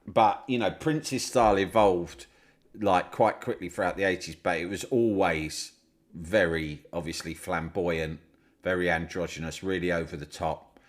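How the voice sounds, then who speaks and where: A middle-aged man from Britain, a podcast guest, telling stories in casual chat, swearing freely and loudly mimicking other people. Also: deep voice, measured pace. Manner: animated storyteller, swears freely, mimics his brother loudly.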